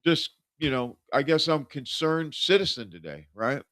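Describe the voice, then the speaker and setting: A man's voice: on the high side, big pitch swings, moderate pace, a bit bright, no echo. A man hosting a live show, rambling conversationally about everyday worries. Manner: rambling, conversational, with frequent fillers. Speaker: host. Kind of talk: casual live-show monologue.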